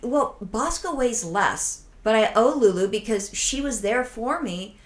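A woman co-hosting a podcast, telling a story in a casual, profane, excitable way and acting out her own reactions. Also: a little high, unhurried. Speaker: podcast co-host.

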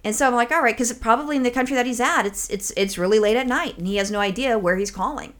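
Animated woman telling a funny story. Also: a little high, quick pace. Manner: animated storyteller, swears freely, mimics callers. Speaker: podcast co-host. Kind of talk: casual chat, storytelling.

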